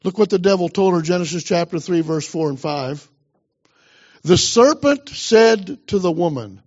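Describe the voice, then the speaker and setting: A man's voice: sits high, expressive, normal speed, lo-fi sound. A man pastor preaching a sermon with emphasis, urging the congregation on.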